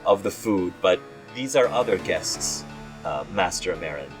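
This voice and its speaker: A man's voice: low-pitched, lively intonation, normal speed, soft background music. A man voicing an old male elf servant who speaks in a stiff, polite, formal way. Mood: deferential.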